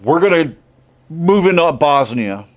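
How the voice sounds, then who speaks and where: A man voicing Russia as a sly male plotter, breezy and conspiratorial, in a higher, louder voice. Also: animated, unhurried.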